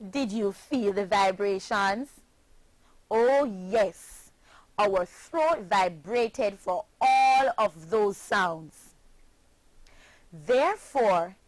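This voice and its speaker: Woman from jamaica teaching pronunciation, super slow and careful, dry close voice. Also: mid-range voice, no room sound. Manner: slow, deliberate, spells out letters one by one. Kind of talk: scripted pronunciation lesson.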